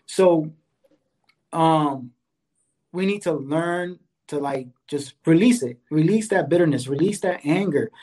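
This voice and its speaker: A man's voice: a little high, darkish tone. A man co-hosting a casual talk about anger who talks earnestly and keeps checking in with "right?" and "you know". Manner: enjoys exercise, speaks of fitness. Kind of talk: casual conversational advice.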